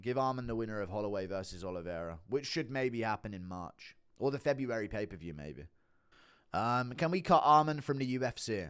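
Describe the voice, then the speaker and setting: A man's voice: medium pitch, a bit bright, clean tone. A man doing casual live-stream commentary, swearing often, laughing a lot and talking to his chat. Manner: giggly, profane, talks to chat.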